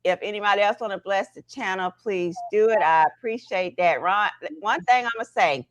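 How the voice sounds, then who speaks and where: A woman's voice: mid-range voice, moderate pace. Chatty woman hosting a livestream. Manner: animated, talks to chat viewers directly; frequent "right?" and "okay?" tags. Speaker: livestream host. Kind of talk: casual livestream chat.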